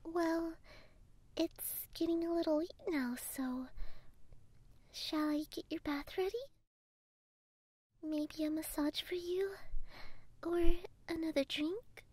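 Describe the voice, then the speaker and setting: A woman voicing a devoted young female android housekeeper in a soft, deferential whispered role-play. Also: very high-pitched, steady tone, slow, pauses often, no room sound. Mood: doting.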